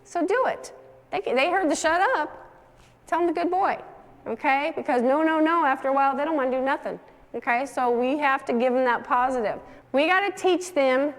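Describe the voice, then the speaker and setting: A woman's voice: high-pitched, a little fast. A woman dog trainer leading a hands-on class, giving direct instructions and coaxing the dogs in a sing-song. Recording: long hall reverb.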